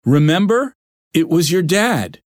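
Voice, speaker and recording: A narrator voicing a kind, caring grandfather in an audiobook, calm and reassuring. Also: medium pitch, unhurried, no echo, studio quality, pitched above the performer's own voice. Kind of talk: audiobook reading.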